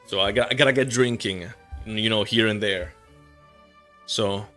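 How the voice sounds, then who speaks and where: A man's voice: on the low side, fairly even intonation, a little slow, sharp tone, soft background music. A young man streaming a game, chatting casually in a rambling, joking way and swearing freely. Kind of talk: casual livestream chat.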